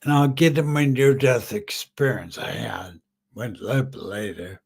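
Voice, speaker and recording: A middle-aged man hosting a live podcast, halting and choked up as he tells his own story through tears. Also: mid-range voice, gravelly, a little mellow, breathy edge. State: tearful. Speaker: podcast host. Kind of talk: live-streamed personal story.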